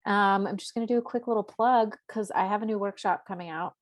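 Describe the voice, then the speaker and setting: A woman co-hosts a relaxed podcast, chatting about astrology. Her talk rambles loosely and is packed with "like" and small asides. Her pitch sits in an ordinary middle range for a woman. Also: fast talker. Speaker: podcast co-host. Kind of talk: casual chat about astrology.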